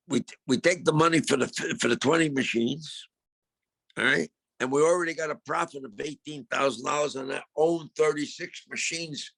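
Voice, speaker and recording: An older man, a guest, telling a casual story in a gravelly voice and acting out the dialogue. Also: on the high side, no room sound. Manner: animated, acts out quoted dialogue.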